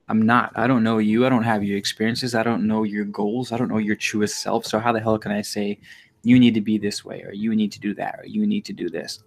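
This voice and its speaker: A man talking casually and candidly to his viewers, rambling and swearing freely. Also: mid-range voice. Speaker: vlogger.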